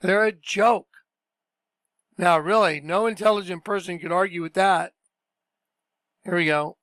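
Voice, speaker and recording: Scornful man, high clear voice. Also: fairly even intonation, measured pace, a bit bright, no room sound. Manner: emphatic, scornful, repetitive. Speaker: commentator reacting to clips. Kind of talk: casual reaction commentary.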